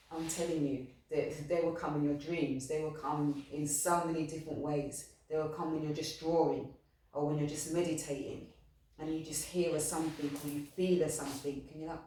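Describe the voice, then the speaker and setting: A woman whose mellow voice sits low talks about spirituality with heartfelt earnestness; she is a spiritual medium who rambles, repeats, and restarts often. There's a little hiss or hum, an echoey room, and a distant mic.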